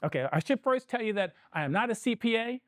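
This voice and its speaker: A middle-aged man giving a live financial seminar in a conversational, energetic way, often asking the audience questions. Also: very high-pitched, quick pace, no room sound, clean studio sound. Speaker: financial planning presenter.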